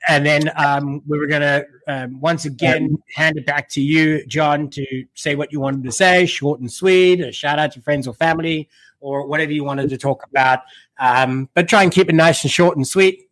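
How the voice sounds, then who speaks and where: A man with a softened South African accent hosts a casual podcast, his voice sitting a little high for a man. The sound is close and dry, with no room to it. He talks in a relaxed, chatty way. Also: dry recording. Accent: blended South African. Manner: chatty, laughs easily, wraps up the show. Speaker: podcast host.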